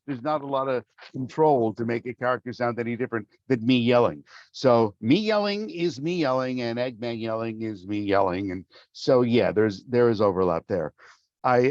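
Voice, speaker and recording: A middle-aged man, a voice actor, chatting in an interview with an animated, theatrical way of telling stories. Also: medium pitch, no echo, dull audio. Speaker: voice actor, guest. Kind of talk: casual interview talk.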